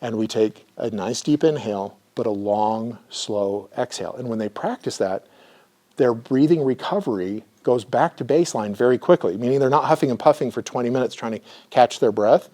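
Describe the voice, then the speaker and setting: A man who works as a therapist, giving an educational lecture and demonstrating slow breathing, often checking in with "right?". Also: mid-range voice, warm tone. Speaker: therapist teaching a class.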